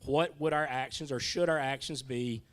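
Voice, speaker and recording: A man's voice: mid-range voice, moderate pace. A man who teaches a church Bible class, leading the discussion in a casual, friendly way with stumbling restarts.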